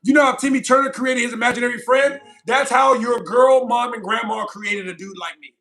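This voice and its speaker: A man's voice: very high voice, steady tone, fairly quick, music in the background. A man streaming live, reading chat comments aloud and mocking them combatively. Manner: combative, mocking, loud outbursts.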